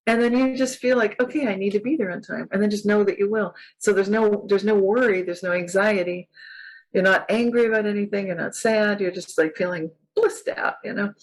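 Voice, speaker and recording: A woman author from California, USA, chats as a guest in a casual interview, enthusiastic and spiritual and often laughing. Her medium-pitched voice moves briskly, and the audio is poor.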